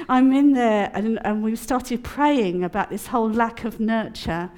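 A woman, speaking at a prayer conference, telling a personal story and teaching in a chatty, animated way with frequent laughs. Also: on the high side, moderate pace, few pauses. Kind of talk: personal testimony and teaching talk.

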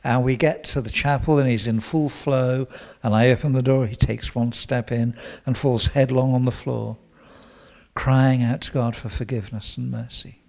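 A man preaching a sermon, teaching with lively quoted prayers and asides. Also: mid-range voice, moderate pace. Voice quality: gravelly.

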